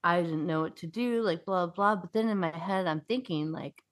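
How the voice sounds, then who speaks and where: A woman's voice: lowish voice, normal speed. A middle-aged woman co-hosting a podcast, telling stories in a blunt, casual way with lots of swearing. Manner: blunt, swears freely, storytelling. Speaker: podcast co-host. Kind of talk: casual chat.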